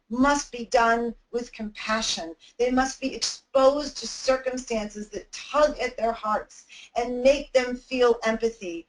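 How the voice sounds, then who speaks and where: A woman's voice: fairly high pitch, a little hiss or hum, low-quality recording. A woman giving an anti-bullying webinar talk, telling a personal story in an earnest, heartfelt way.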